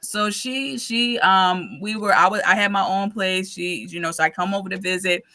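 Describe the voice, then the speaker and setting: A woman in her thirties hosting a podcast, telling a story in a lively way and acting out the voices she quotes. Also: medium pitch, moderate pace. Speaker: podcast host. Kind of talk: casual chat.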